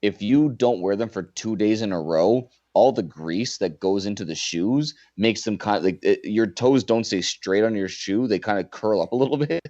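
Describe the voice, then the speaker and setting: Laid-back man with a low, muffled voice. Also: moderate pace, few pauses, darkish tone. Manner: laughing, storytelling, profane. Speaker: podcast co-host. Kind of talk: casual wrestling podcast chat.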